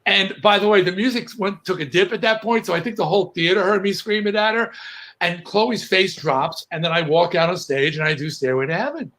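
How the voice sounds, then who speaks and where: Animated storytelling man on a call. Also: sits high, a little fast. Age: middle-aged or older. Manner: animated storyteller, frequent restarts. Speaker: guest. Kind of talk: casual chat.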